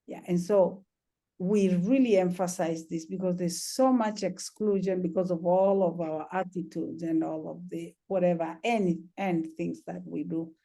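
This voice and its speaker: Mellow-voiced woman healer, gentle and reflective. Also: mid-range voice. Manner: gentle, reflective, many "you know"s. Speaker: trauma healer, interview guest. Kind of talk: conversational storytelling.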